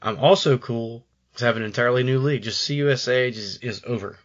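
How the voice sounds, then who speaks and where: A man's voice: medium pitch, fast, dull audio. A man co-hosting a podcast, talking casually about college sports in rambling sentences with frequent stammered restarts. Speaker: podcast co-host.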